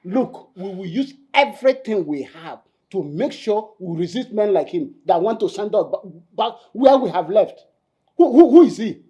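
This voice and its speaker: A stammering, outraged Nigerian leader, warm dark voice. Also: male voice, sits high, expressive, moderate pace, highs cut off. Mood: defiant. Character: indignant community leader, defiant. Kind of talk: Nollywood film acting.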